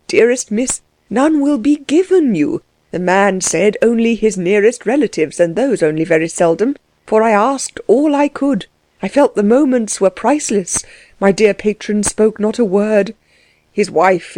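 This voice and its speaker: A woman's voice: medium pitch, normal speed, dark tone, no room sound, lightly acted. Woman reader plays a fretful old manservant in an audiobook, tearful, wordy, pleading, dry close sound. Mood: distraught.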